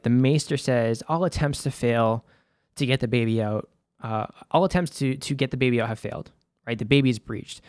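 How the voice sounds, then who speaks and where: A young man with a Boston accent talks through a TV episode in an easygoing, rambling way, swearing freely and filling gaps with "like" and "uh." His voice sits at a middle pitch, and the recording is close and dry, with no room sound. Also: dry recording. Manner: loose and conversational, swears freely, many fillers. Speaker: host. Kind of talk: casual episode recap.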